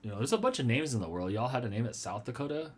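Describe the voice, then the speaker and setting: A man's mid-range, sing-song voice races along as he hosts a casual live stream from a small home room featuring a red wall and lava lamps. He rambles in a playful manner, answers what viewers comment, and jokes about himself.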